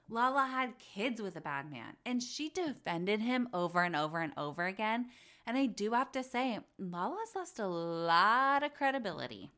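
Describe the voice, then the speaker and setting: A woman in the middle range of pitch hosts a gossip podcast in loose, casual chat. She talks bluntly, swears freely and slips into little acted quotes of other people. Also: fairly bright tone. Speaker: podcast host.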